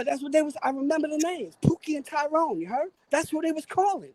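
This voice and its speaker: A man's voice: very high-pitched, fast talker, hardly any pauses, no room sound. A man, swearing and acting out the voices in a story as a guest on a live stream. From New York. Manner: profane, animated storyteller who acts out quotes. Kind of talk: casual storytelling chat. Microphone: remote stream call.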